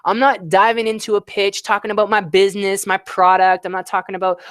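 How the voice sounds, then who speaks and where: A man giving online business tips on a live stream, energetic and often checking in with "right?". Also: high-pitched, brisk, dry recording, clean studio sound. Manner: energetic, repeats "right?" and "all right".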